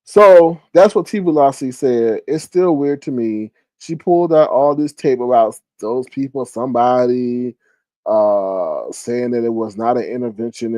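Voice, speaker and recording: A man doing casual gossip commentary on a livestream, reading chat aloud with a sassy drawl and leaping into high squeals when he quotes people. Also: mellow, no room sound.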